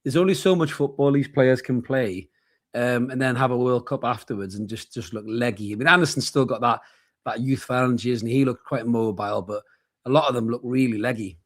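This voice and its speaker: A man, co-hosting a casual live football watchalong, chatty and quick to swear and laugh. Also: mid-range voice. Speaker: co-host of a football watchalong stream. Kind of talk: casual live match chat.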